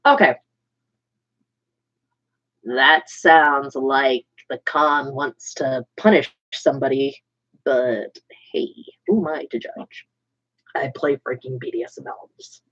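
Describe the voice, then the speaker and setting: A woman's voice: extremely low pitch, fairly even intonation, slow, long pauses, fairly bright tone. A woman chatting casually as a livestream host, rambling and joking about herself, with murmured asides. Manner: rambling, self-deprecating, drops into murmured asides. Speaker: livestream host painting miniatures. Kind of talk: casual chat. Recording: dull lo-fi stream audio.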